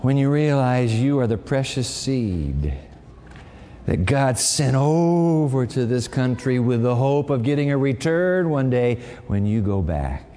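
Lively preacher man in a reverberant hall. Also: medium pitch, a little slow. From raised partly in Japan. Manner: lively, conversational preaching with sudden swings from loud to quiet. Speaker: campus pastor. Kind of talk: sermon.

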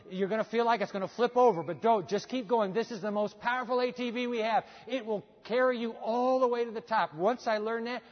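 A man preaching a sermon as a pastor, telling a story with animation and acting out dialogue. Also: extremely high pitch. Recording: dull sound, hall reverb.

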